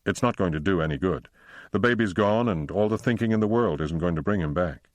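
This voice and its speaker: A distraught husband holding back sobs, read by a male narrator. His voice is deep and low, pleading and strained, recorded close and dry. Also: expressive, a little fast, no echo. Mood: gentle. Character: distraught husband, trying to stay strong.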